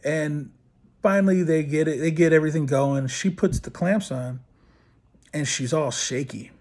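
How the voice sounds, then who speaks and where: A man's voice: on the high side, normal speed. A middle-aged man, a podcast host telling a crude, swearing story and acting out what people said. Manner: crude, animated storyteller who swears and acts out quotes. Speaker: podcast host, body piercer. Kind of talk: casual storytelling.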